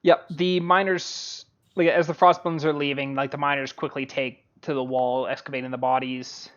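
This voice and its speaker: A man narrating as game master of a tabletop game, halting and full of fillers. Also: medium pitch, level tone. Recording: dull lo-fi audio.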